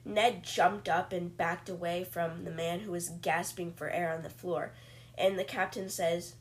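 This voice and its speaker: A woman's voice: lowish voice, steady tone, unhurried. A woman hosting a podcast, casually retelling a novel in a chatty way with lots of filler words. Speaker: podcast host. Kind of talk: casual book-summary narration.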